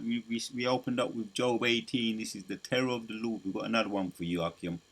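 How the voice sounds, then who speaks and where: A man's voice: lowish voice, steady tone, fast, few pauses, a bit bright, husky. A man giving preaching commentary over news clips, emphatic and quoting scripture aloud. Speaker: religious commentator.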